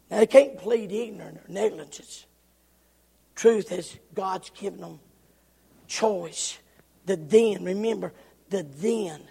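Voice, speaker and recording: A man preaching a sermon with rhythmic, repetitive phrasing, swinging from shouts down to hushed whispers. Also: high-pitched, gravelly, husky. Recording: long reverb of a large hall.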